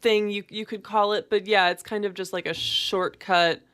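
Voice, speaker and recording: A woman's voice: medium pitch, steady tone, moderate pace, a bit bright, smooth. A young adult woman co-hosting a casual chat, talking in a chatty way with lots of fillers. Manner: chatty, filler-heavy, laughs easily. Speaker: podcast co-host.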